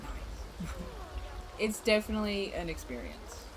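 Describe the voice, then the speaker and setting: A woman's voice: medium pitch, huge pitch swings, slow. A young woman game streamer chatting casually with her live chat and laughing often between lines. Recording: noisy room ambience.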